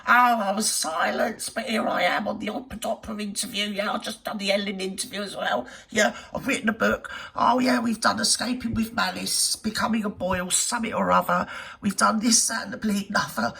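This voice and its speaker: A woman's voice: mid-range voice, steady tone, a little fast, creaky, bright, forceful tone, husky, exaggerated voice. A woman mimicking a whiny, self-pitying celebrity woman in a mocking, exaggerated moan. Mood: mocking whine.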